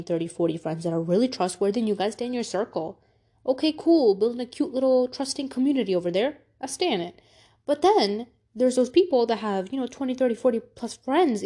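A young adult woman giving Islamic life advice in a casual motivational talk to camera, earnest and candid, slangy, with sudden animated bursts. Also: mid-range voice.

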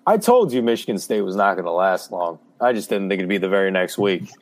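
A man co-hosting a casual sports podcast, matter-of-fact and quick to push back in the debate. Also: sits low, animated.

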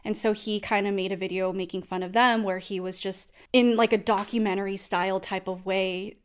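Young woman vlogger, smooth clear voice, lively storyteller who acts out the lines. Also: mid-range voice, fairly quick. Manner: animated, acts out quoted lines. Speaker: neurodivergent coach and vlogger. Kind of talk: casual storytelling to camera.

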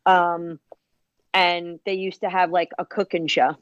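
A woman's voice: on the low side, little pitch movement, unhurried, dry recording, lo-fi sound. A woman with a Long Island accent, a guest in casual chat, who says "like" constantly and laughs at herself. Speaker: podcast guest.

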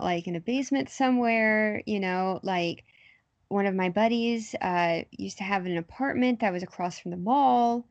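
A woman's voice: mid-range voice, no room sound, dull audio. A young woman talking politics casually in a hesitant, wry way, with many fillers.

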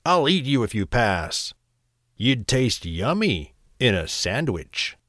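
A man voicing a mean, greedy old troll with a croaky, roaring voice in a bedtime story. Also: medium pitch, sing-song, slow pace, a bit bright, no room sound, studio quality. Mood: menacing.

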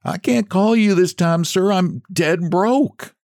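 A man voicing a small, frightened gambler with a quavering, shrill voice that flares into seething anger. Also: wildly swooping pitch, a little fast, darkish tone, husky, no echo, studio quality, exaggerated voice.

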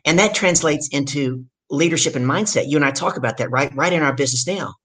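A middle-aged woman from the States, telling her story as a guest in an energetic, emphatic way. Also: sits low, fast talker, slightly rough. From southern United States. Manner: energetic, emphatic storyteller who acts out quotes. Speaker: guest, business speaker. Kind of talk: storytelling in a conversation.

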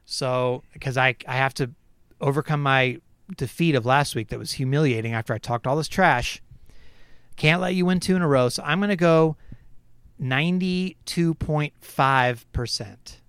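A man co-hosting a podcast in casual chat, animated and teasing, mocking critics in exaggerated voices. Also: medium pitch, moderate pace, clean tone, no echo. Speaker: podcast co-host.

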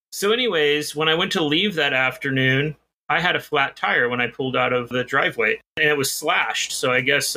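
A man's voice: mid-range voice, sharp tone. A man co-hosting a podcast, telling a rambling, self-deprecating story in casual chat. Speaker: podcast co-host.

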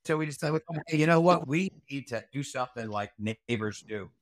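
A man's voice: medium pitch, lively intonation, brisk. Rambling retired army ranger man. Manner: rambling, frequent fillers and restarts, salty language. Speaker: retired Army Ranger staff sergeant, interview guest. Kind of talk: casual storytelling interview.

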